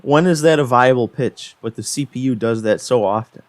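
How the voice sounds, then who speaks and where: A man's voice: medium pitch, normal speed, dry recording. A young man giving casual play-by-play commentary on his own video game, frustrated and self-deprecating. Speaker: gaming channel host. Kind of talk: gameplay commentary.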